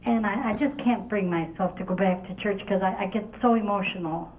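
A woman calling in to a show, speaking haltingly with many stammers and restarts, full of emotion. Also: mid-range voice. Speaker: caller. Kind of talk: phone-in conversation. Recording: tinny phone line with faint noise.

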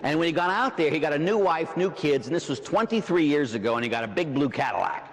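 A priest from Pittsburgh with a Pittsburgh accent, preaching an evening sermon with personal stories. He slows and sinks low for emphasis, and tags his points with "huh?" and "right?". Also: animated, long reverb tail. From Pittsburgh, USA. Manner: slows and drops low for emphasis, then rises.

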